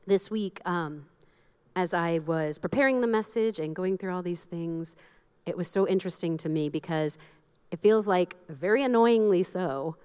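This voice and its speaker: Candid woman pastor preaching, low voice. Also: moderate pace, a little mellow, clean tone. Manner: candid and self-deprecating, laughs at herself. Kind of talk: sermon.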